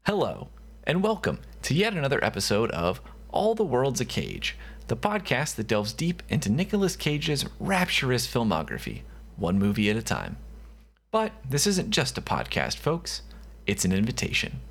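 Male podcast host, husky voice, very animated pitch, mock-grand intro. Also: normal speed. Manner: playful, mock-grand delivery. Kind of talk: scripted show intro.

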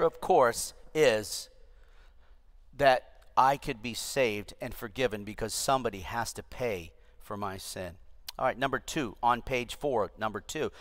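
A man's voice: medium pitch, a little slow, fairly bright tone. An older man, a pastor, teaching a discipleship class with emphatic repetition, in an echoey church room. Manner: emphatic, repeats key phrases.

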